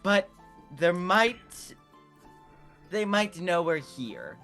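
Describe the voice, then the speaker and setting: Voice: mid-range voice, sing-song, extremely slow, a bit bright, faint music behind, exaggerated voice. A player voicing a dramatic male adventurer with a put-on British accent, grave and theatrical. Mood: grave alarm.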